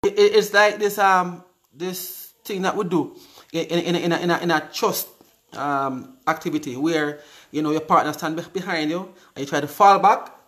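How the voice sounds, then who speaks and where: A man's voice: a little high, normal speed, a bit bright. A Jamaican man in his forties hosting a casual live stream, reading viewer comments aloud and answering them in an upbeat, chatty way, often repeating words. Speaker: live show host.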